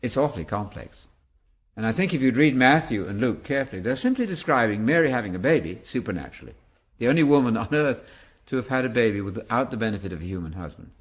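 Man, 70s, Bible teacher in interview; animated, emphatic, swings widely in pitch. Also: fast. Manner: animated, emphatic preacher-like delivery. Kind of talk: interview answers.

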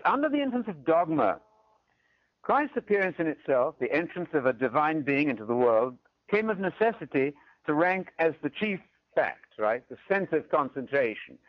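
Animated man lecturing. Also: on the high side, no echo. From Britain. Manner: animated, often checks in with "right?". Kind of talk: theology lecture. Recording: dull, dry lo-fi recording.

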